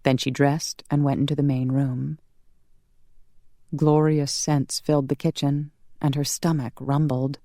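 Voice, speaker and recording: An audiobook narrator reading a romance in a measured, calm manner. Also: mid-range voice, no room sound, studio quality. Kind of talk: scripted narration.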